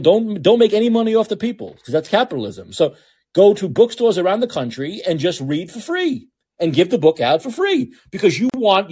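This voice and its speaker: Husky-voiced man ranting heatedly. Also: fairly high pitch, dark tone. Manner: heated, profane, repetitive ranting. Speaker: podcast host. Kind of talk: ranting political commentary.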